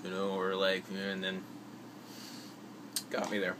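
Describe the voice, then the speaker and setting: A man's voice: on the low side, steady tone, normal speed, long pauses, background noise. A man rambling through his movie list in a casual vlog, with lots of fillers and restarts. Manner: rambling, many fillers and restarts, acts out quotes. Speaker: vlogger.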